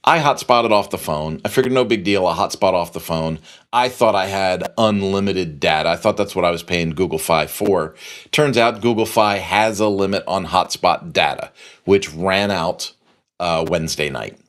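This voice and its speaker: A man's voice: low voice, normal speed, fairly bright tone. A middle-aged man hosting a podcast, telling a long story in a casual, rambling way and repeating phrases for emphasis. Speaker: podcast host.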